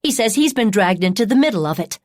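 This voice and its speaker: A woman's voice: mid-range voice, sing-song, fast talker, a little mellow, no room sound, studio quality, lightly acted. A woman narrating an audiobook, voicing a distraught, tearful middle-aged wife who is sobbing into the phone. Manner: tearful, pleading.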